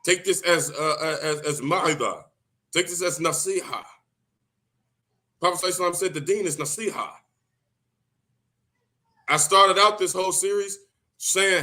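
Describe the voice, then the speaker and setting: A man talking loudly and excitedly in a solo monologue, often repeating himself for emphasis. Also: sits high, brisk. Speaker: video host giving religious advice. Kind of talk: impassioned solo monologue to camera.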